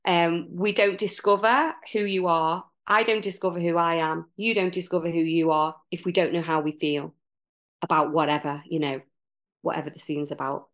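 A woman's voice: fairly low pitch, fairly even intonation, moderate pace, a bit bright. A middle-aged woman, an improv teacher, talking casually and animatedly as a podcast guest, with many fillers and restarts.

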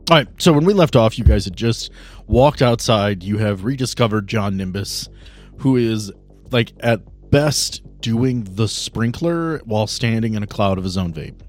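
A man's voice: fairly low pitch, lively intonation, unhurried, faint music behind. Playful male game master. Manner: chatty and playful. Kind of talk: hosting a tabletop role-playing podcast.

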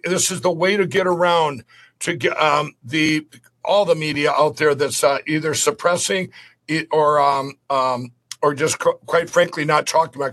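Earnest male interview guest, slightly high voice, rambling, full of restarts. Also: a bit bright. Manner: rambling, repeats and restarts words; earnest and pleading. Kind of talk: casual interview talk.

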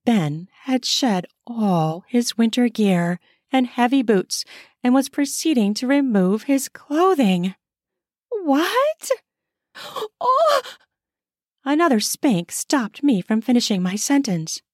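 Slow, intimate woman narrating erotica. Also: on the high side, animated, a little mellow, dry recording, clean studio sound. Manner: slow, intimate first-person reading. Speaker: narrator and author. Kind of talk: erotic short story narration.

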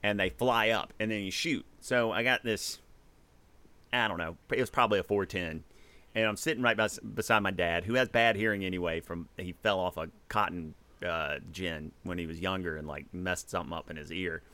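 A man's voice: deep voice, moderate pace. A man from Mississippi, hosting a casual chat and telling stories with lots of laughter and acted-out quotes. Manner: animated storyteller, laughs often, acts out quotes.

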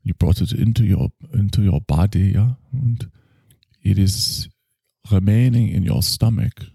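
A man voicing a solemn male doctor with a clumsy German accent, halting and full of fillers. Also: on the low side, vocal fry, warm tone, breathy edge, no echo, clean studio sound, heavily acted.

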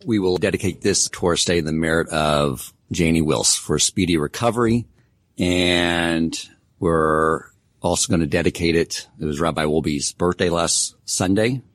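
A man's voice: low voice, no room sound. A man teaching a Torah class in a casual, conversational way. He tells stories with self-deprecating humor.

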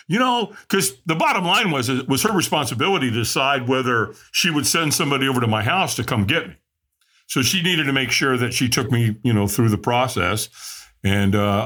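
Animated man telling his story. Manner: animated, acts out quoted voices with big pitch jumps. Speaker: podcast guest. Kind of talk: candid storytelling.

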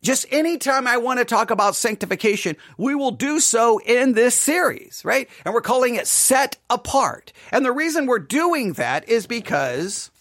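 A woman leads a relaxed podcast Bible lesson in a dry, close recording. She talks it through conversationally and keeps checking in with her listeners. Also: a little high, moderate pace, few pauses, no echo. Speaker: Bible study teacher and podcast host.

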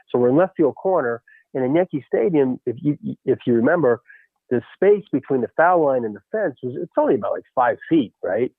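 Man, former baseball coach, animated storytelling, lots of "you know", tinny phone line, dry sound. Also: medium pitch, no room sound. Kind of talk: storytelling in a radio interview.

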